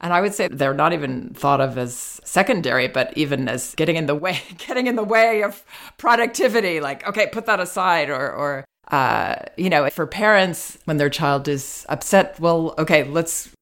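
A woman with a fairly low voice hosting a parenting podcast conversation. She speaks reflectively, building on her guest's points with examples of her own. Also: lively intonation, moderate pace, fairly bright tone. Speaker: podcast host.

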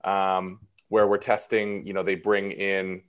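A man's voice: low-pitched, completely flat delivery, a little slow, clean tone. A man in his thirties, an actor guest talking casually and a bit self-deprecatingly in an interview. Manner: chatty and self-deprecating, many fillers.

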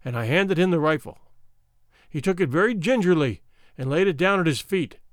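Male audiobook narrator, slightly high, very animated, dry close recording. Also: moderate pace, no echo. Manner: lively, dramatic storytelling with an old-fashioned formal tone. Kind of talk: expressive scripted narration of a classic adventure novel.

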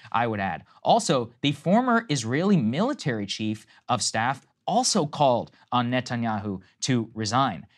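A man's voice: medium pitch, a bit bright. A man co-hosting a political news show, talking through clips and reading quotes with rising intensity. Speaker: co-host.

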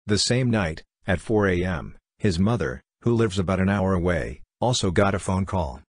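A man with a very low, husky voice reads short ghost stories aloud. He keeps a steady, even storytelling pace. The recording is dry and close, with no room sound. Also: moderate pace, no room sound. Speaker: narrator.

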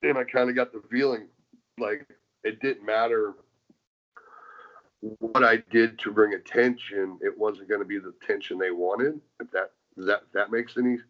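A man and former wrestler, telling stories from his career in a casual interview, rambling with many restarts and fillers and getting animated as he retells things. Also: fairly low pitch, normal speed. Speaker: former pro wrestler, guest. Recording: dull lo-fi sound.

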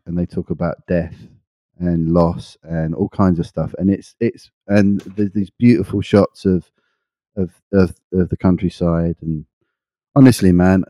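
A man's voice: deep voice, mellow, dry recording. A man co-hosting a podcast, chatting casually and enthusiastically with lots of fillers and restarts. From England. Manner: rambling, enthusiastic, many fillers. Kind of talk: casual chat.

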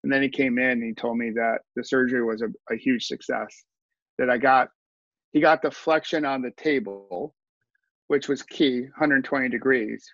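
A man's voice: mid-range voice, fairly even intonation, moderate pace, fairly bright tone, no echo, lo-fi sound. A man talking earnestly as a podcast guest, telling his story with asides and restarts. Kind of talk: conversational storytelling.

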